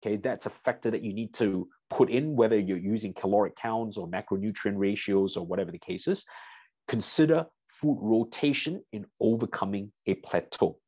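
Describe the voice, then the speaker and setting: A man with a somewhat low, husky voice lectures as a strength coach in a seminar. He speaks straight to his listeners and tells a client story in an easy, conversational way. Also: moderate pace, darkish tone, dry recording. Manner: storytelling, addresses audience as "you guys".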